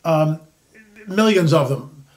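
Man, sixties, high voice, casual rambling commentary host, restarts and asides. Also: expressive, slow, a little mellow. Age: 60s.

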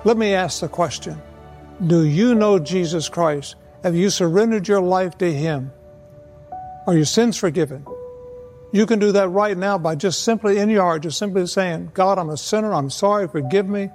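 High-voiced preacher with soft music behind. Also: male voice, long reverb tail. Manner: earnest, measured, slows for emphasis. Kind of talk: evangelistic sermon.

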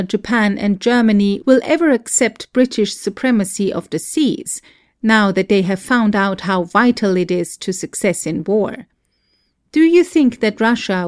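A woman narrating a first-person memoir in a steady, earnest reading voice. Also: mid-range voice, no room sound, clean studio sound. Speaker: audiobook reader. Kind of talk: scripted narration.

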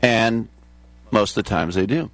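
A man's voice: fairly low pitch, measured pace, dry recording, soft background music. A man hosting a talk show in a casual, digressive monologue, chuckling at his own asides.

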